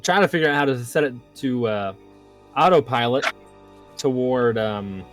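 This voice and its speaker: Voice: medium pitch, moderate pace, soft background music. A player in a tabletop game, describing an action hesitantly, with many fillers. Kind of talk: casual tabletop banter.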